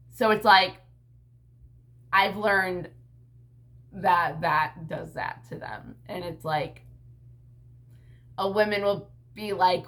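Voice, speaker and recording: A woman with a bright, forward voice vents straight to her camera in a casual vlog. She rambles, swears freely and fills every pause with "like" and "you know." Her pitch sits in an ordinary middle range. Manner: rambling, blunt and profane, heavy use of "like" and "you know". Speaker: vlogger and mother.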